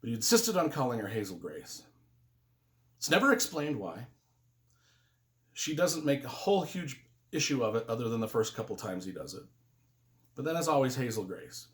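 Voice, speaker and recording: A man's voice: medium pitch, very animated, moderate pace, pauses often. A man giving a casual spoken book review, earnest and emotional, rambling with restarts. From United States.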